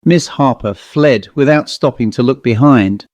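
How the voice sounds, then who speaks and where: A man narrating a horror story in a measured, dramatic manner. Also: medium pitch, a little mellow, dry recording.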